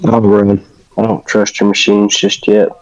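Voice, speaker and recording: A man playing in a tabletop game, loud and blunt. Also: on the low side, monotone, measured pace, no room sound, muffled recording. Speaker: player.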